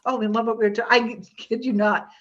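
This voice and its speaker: A woman's voice: on the high side, level tone, a little fast, fairly bright tone, highs cut off. A woman hypnotherapist teaching an online workshop in a chatty, rambling way, often restarting her sentences.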